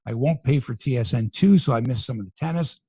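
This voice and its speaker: A man's voice: medium pitch, fast talker, dark tone, breathy edge, no room sound, clean studio sound. A man hosting a sports podcast, running through scores and riffing jokingly on the headlines in a casual chat.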